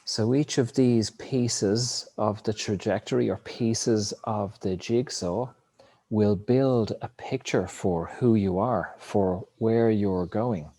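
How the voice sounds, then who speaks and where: A man's voice: fairly low pitch, slow pace, mellow, dry recording. A man talking in a rambling, reflective spiritual monologue, cursing now and then. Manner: rambling, reflective, swears casually.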